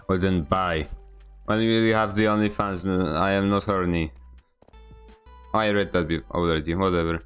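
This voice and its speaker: A Polish man with a Polish accent streams a game, chatting with viewers in a rambling, self-deprecating way. His low voice is smooth and fairly even in intonation, at a moderate pace with long pauses, over soft background music.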